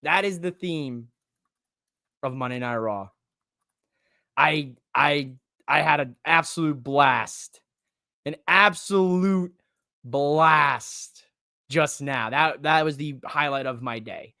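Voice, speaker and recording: A woman hosting a live wrestling watch-along podcast in casual chat, excitable and swearing, breaking into loud high-pitched shouts. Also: takes it slowly, no room sound, clean studio sound. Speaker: podcast host.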